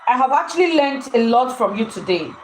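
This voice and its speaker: A woman's voice: fairly high pitch, very animated, brisk, reverberant, a little hiss or hum, low-quality recording. A woman co-hosting a live anniversary stream from home, talking emotionally to viewers and often repeating herself. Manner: emotional, repeats and restarts phrases.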